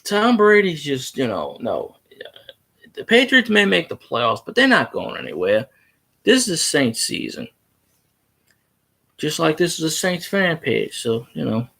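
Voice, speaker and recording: A man's voice: a little high, huge pitch swings, measured pace, gravelly, pauses often, bright, forceful tone. A man hosting a casual livestream about his team, arguing heatedly with viewer comments and swearing freely. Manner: heated, profane, argumentative. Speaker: sports fan livestream host. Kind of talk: casual live chat reacting to viewer comments.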